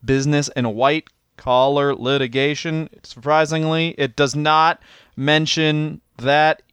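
Higher-voiced joking podcast man. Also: steady tone, a little slow, a bit bright, clear, resonant tone, no echo. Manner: crude and joking, swears often. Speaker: podcast co-host. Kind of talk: casual comedic chat.

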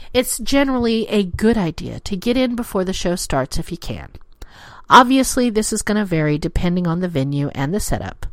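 A woman's voice: fairly low pitch, dry recording. A woman hosting her own adult-themed podcast, talking in a playful, theatrical way and dropping to a whisper for emphasis. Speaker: podcast host. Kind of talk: scripted solo show talk.

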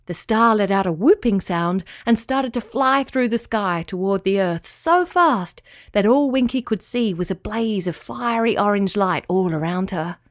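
Female storyteller, gentle bedtime reading, dry and close. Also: medium pitch, dry recording. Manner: soft, gentle and expressive. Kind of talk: children's bedtime story narration.

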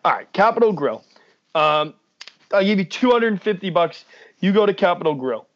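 A man's voice: high-pitched, animated, normal speed. A young man co-hosting a casual sports podcast, blunt and ranting, swearing freely. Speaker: podcast co-host. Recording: dull lo-fi podcast mic.

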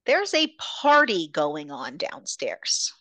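A woman's voice: low voice, huge pitch swings, slow, a bit bright, no room sound. A woman hosting a podcast, casually recapping a novel's plot, swearing freely and retelling scenes. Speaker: podcast host. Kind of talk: casual book recap chat.

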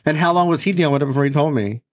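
A man co-hosting a casual podcast, telling stories in a blunt, animated way. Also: on the high side, rapid-fire, no echo, studio quality. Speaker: podcast co-host.

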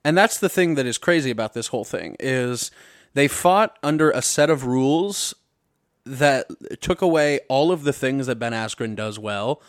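Profane, rambling podcast host from Missouri. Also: male voice, medium pitch, expressive, moderate pace, dry recording, studio quality. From Missouri, USA. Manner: profane, rambling, self-interrupting, jokey. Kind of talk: casual comedic rant. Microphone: podcast mic.

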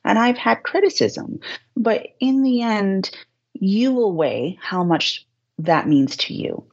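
A woman with a Boston accent, a podcast guest giving measured, encouraging advice. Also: medium pitch, lively intonation, a little mellow, slightly rough, muffled recording. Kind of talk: podcast interview.

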